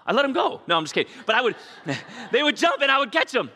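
A middle-aged pastor preaches a sermon in a church sanctuary, his extremely high, sing-song voice fast, bright and forceful. He tells stories animatedly, acts out voices and asks the congregation questions, all under long hall reverb.

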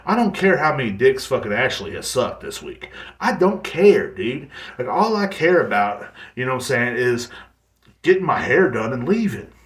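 In an echoey room, a man hosts a solo podcast, ranting bluntly and profanely in a casual monologue full of fillers and restarts. His mid-range voice moves at normal speed with big swings in pitch.

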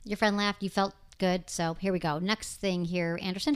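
A woman hosting a sex advice podcast, talking frankly and casually, reading listener emails with quick asides and laughs. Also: fairly low pitch, steady tone, smooth. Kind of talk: casual chat.

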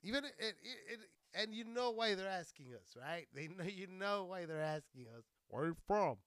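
A man from near El Paso, Texas, in a profane, rambling comic monologue, crude and animated. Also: sits high, normal speed, clear, resonant tone, dry recording. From Socorro, Texas, near El Paso. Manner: rambling, crude and animated, laughing at his own jokes. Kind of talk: profane stand-up style monologue.

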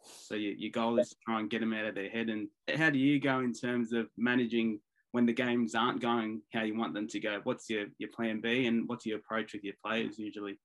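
A man's voice: fairly low pitch, level tone, a little fast, a bit bright, rough recording. A man hosting a podcast, recapping what the guest said before asking his next question. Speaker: host.

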